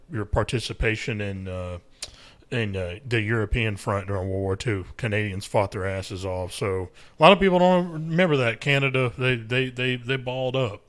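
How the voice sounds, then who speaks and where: A man's voice: fairly low pitch, fairly bright tone. A man hosting a podcast, rambling in casual crude banter and joking around. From United States. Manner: rambling, crude joking, breaks into mocking put-on voices. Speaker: podcast host.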